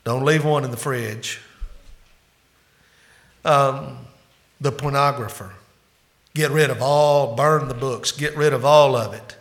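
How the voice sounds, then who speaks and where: Male pastor, sermon, bright and forceful voice, builds to loud peaks then drops low. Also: fairly even intonation, slow, pauses often. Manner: emphatic preaching that swings between loud climaxes and hushed asides.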